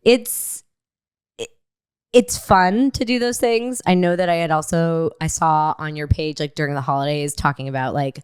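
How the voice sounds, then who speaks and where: Smooth-voiced young woman guest. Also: deep voice, steady tone, normal speed, no room sound, clean studio sound. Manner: candid, laughing anecdotes. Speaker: podcast guest. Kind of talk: casual chat.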